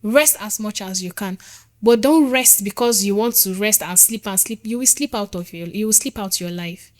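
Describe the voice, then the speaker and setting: A woman's voice: medium pitch, moderate pace. A woman, a nurse speaking as a podcast guest, earnest and emphatic, repeating her points to drive them home. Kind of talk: motivational interview talk.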